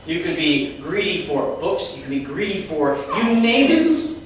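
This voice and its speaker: A man teaching a Bible lesson to students, lively and quizzing the class with questions. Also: fairly high pitch, a little slow. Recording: echoey room, mic far off, faint noise.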